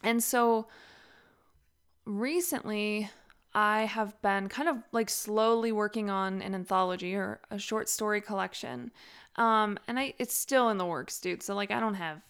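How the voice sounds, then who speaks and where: A woman's voice: mid-range voice, measured pace, a bit bright, smooth. Chatty young woman rambling on a podcast. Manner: chatty and rambling, many "like"s, laughs easily. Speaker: podcast host and author. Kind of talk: casual solo podcast talk.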